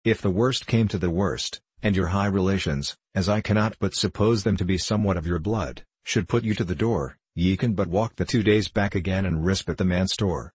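A man voicing an elderly, kindly, preachy country minister in a storybook reading, speaking in a solemn, measured, old-fashioned way. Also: deep voice, a little mellow, slightly rough, dry recording. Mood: earnest counsel.

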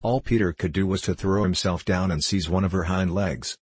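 Deep husky male storyteller. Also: no echo. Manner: steady, measured storytelling. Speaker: audiobook reader. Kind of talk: scripted narration of a children's classic.

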